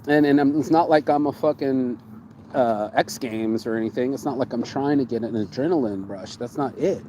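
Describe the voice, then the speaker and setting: A man hosting a casual chat, telling his travel stories in an excitable, profane way and repeating words for emphasis. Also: medium pitch, normal speed, slight background noise, low-quality recording. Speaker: show host.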